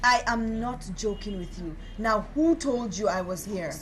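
A woman's voice: medium pitch, measured pace, faint music behind, natural voice. A woman playing an angry young woman who bluntly insults and threatens a former suitor in a comedy skit. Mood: furious. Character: furious young woman, Susan, scorned and insulting.

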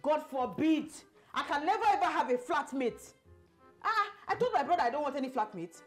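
A woman with a Nigerian Pidgin accent, acting a brash, broke tenant in a comedy skit who scolds loudly and laughs often. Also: sits high, lively intonation, brisk, faint music behind. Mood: indignant.

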